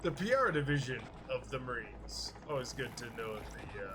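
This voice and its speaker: A man's voice: mid-range voice, very animated, normal speed, pushed and bright. A man hosting a casual chat, rambling and swearing, often laughing and acting out what people said. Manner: rambling, profane, laughs a lot, acts out quotes. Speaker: podcast host.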